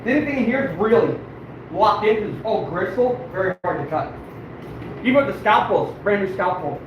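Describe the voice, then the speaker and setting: A man's voice: high voice, animated, fairly quick, highs cut off. A man, a fur trapper, chatting casually to viewers as he works, swearing often and grumbling at himself. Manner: frustrated and self-deprecating. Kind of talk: casual live-stream demonstration. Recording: echoey room, mic far off, background noise.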